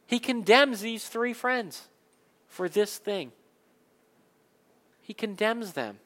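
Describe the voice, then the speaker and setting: A man preaching a sermon, animated and conversational, acting out the people in the story in quick asides. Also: high voice, in a large hall. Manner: animated, acts out Bible characters in quick asides. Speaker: pastor.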